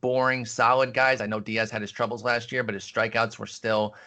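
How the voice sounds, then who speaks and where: A man co-hosting a fantasy baseball show, giving steady, lengthy answers in a radio interview about his picks. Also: mid-range voice, normal speed.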